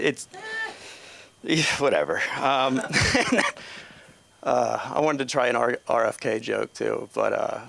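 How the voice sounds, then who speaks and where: Man comic with a gravelly, mid-pitched voice who rambles and cracks himself up, stage mic. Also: animated, measured pace, fairly bright tone, a little hiss or hum. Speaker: stand-up comedian. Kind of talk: stand-up set. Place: comedy club stage.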